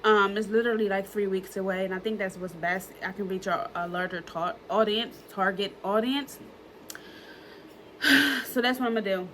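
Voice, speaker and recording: A woman's voice: medium pitch, steady tone, moderate pace, fairly bright tone, a little hiss or hum, low-quality recording. A woman, talking in an earnest, emotional way in a personal reflection vlog, using plenty of fillers and repeating herself. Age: early 30s. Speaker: vlogger.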